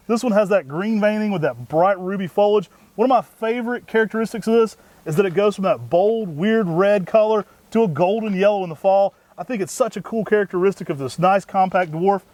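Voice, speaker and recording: A man co-hosting a plant show, pitching trees with folksy enthusiasm. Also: no echo. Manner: energetic, folksy, says y'all. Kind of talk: enthusiastic product talk.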